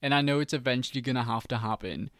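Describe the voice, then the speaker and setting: A man's voice: medium pitch, quick pace, fairly bright tone, no room sound, clean studio sound. A young man, a university student, hosting a podcast in a casual, candid chat. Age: young adult, university student. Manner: easygoing, laughs along, candid. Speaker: podcast host.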